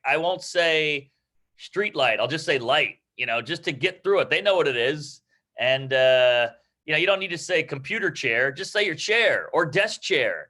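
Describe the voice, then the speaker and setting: Brash, bright-voiced comedian man. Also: a little high. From New York. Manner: brash, rapid, profane and self-mocking. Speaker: guest comedian. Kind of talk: casual advice in an online comedy class.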